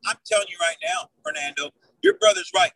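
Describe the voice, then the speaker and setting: Heated sports-talk man: high, lively pitch, gravelly edge, slightly distant mic. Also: brisk, dry recording. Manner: loud, emphatic, repeats "I'm telling you right now".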